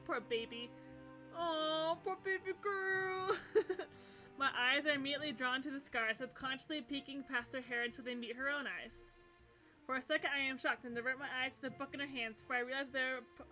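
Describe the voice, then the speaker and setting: A woman's voice: high voice, bright, forceful tone. Giggly, gushing woman streamer. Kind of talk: reading a visual novel aloud on a live stream.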